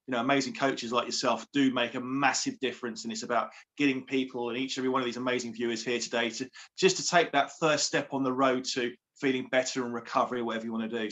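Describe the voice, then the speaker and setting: A man's voice: medium pitch, a bit bright. A man, a coach and author talking about himself in an upbeat, effusive interview manner. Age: 40s. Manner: effusive, repeats words, friendly and chatty. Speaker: guest, empowerment coach and author.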